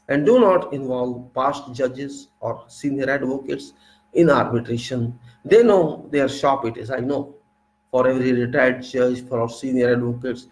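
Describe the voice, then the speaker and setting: A man's voice: fairly high pitch, creaky, darkish tone, low-quality recording. A man with an Indian English accent, a civil engineer giving an informal lecture, emphatic and argumentative, firing off rhetorical questions.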